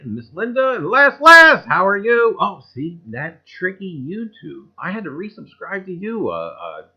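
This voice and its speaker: A folksy man hosts a casual livestream, hailing viewers by name and circling back to his favorite catchphrases. His voice sits high and swings up and down a lot as he talks. The audio is dull and lo-fi, like a home stream. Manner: folksy, greets viewers by name, leans on pet phrases. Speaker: livestream host.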